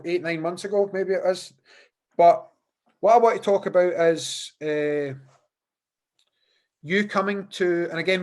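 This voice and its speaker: A man hosting a podcast interview over a video call, chatty and often repeating words as he thinks. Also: high-pitched. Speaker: podcast host.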